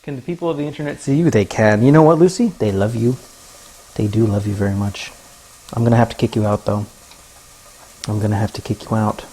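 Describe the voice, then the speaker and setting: Food sizzles in a pan as a man hosts a casual cooking livestream from his home kitchen, goofily chatting with viewers and his pets while he cooks. His voice sits on the low side, warm with a breathy edge, a little fast, with long pauses.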